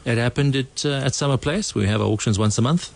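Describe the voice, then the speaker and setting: Gravelly-voiced auctioneer in his thirties. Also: medium pitch, fairly quick. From South Africa. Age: 30s. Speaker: auctioneer guest. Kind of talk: radio interview answers.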